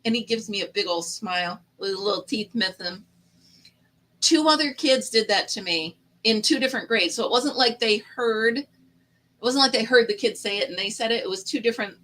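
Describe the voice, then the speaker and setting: A woman's voice: a little high, moderate pace, a bit bright, poor audio. A middle-aged woman hosting a casual live chat stream, telling stories in a chatty way and laughing often.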